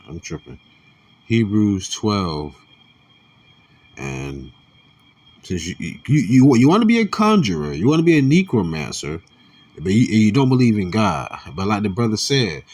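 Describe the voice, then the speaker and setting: A man giving casual religious commentary, reading scripture aloud with slang and quiet muttered asides. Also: lowish voice.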